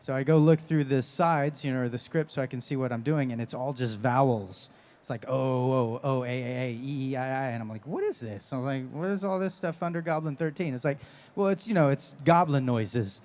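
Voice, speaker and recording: A man's voice: medium pitch, brisk. A man who voices anime and game characters, answering fan questions at a convention panel and telling stories with lots of laughter. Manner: animated storyteller, laughs often. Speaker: voice actor guest. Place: convention stage.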